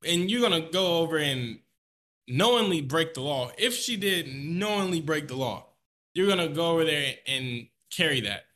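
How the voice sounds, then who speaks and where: A man's voice: fairly high pitch, lively intonation, normal speed, a bit bright. A man co-hosting a casual podcast, giving blunt, profane opinions and repeating points for emphasis. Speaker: podcast co-host.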